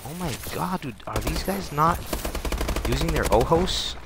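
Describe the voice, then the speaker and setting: A man streaming a shooter game in casual, excitable commentary, joking, swearing and laughing often. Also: a little high, unhurried, very noisy. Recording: loud game gunfire behind voice.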